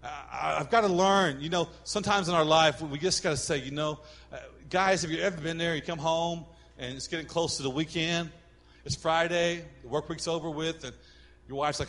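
A middle-aged pastor delivers a sermon in a high, bright voice, speaking casually and directly at a slightly quick pace. He's animated, acting out little scenes and the voices of people he quotes. A long reverb carries his words through the church hall.

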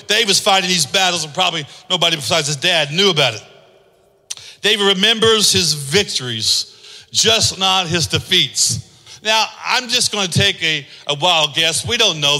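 Emphatic male pastor, repetitive sermon delivery; very bright tone, reverberant church hall. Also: high-pitched, moderate pace. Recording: echoey hall.

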